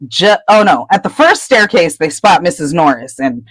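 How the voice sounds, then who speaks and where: A woman co-hosting a podcast, retelling a book chapter in casual chat with lively storytelling. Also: lowish voice, moderate pace, breathy edge, no echo, low-quality recording. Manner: animated storytelling. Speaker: podcast co-host.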